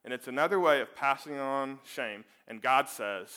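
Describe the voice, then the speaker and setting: Bright-voiced man preaching a sermon. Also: mid-range voice, normal speed, smooth. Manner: emphatic, rhetorical questions, drops to a hush then rises.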